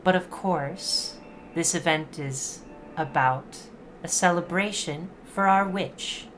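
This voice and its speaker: A woman voicing a gracious grown witch who hosts a game, speaking politely and in a measured way. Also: on the low side, slight background noise. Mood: courteous. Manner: polite, measured, soft-spoken.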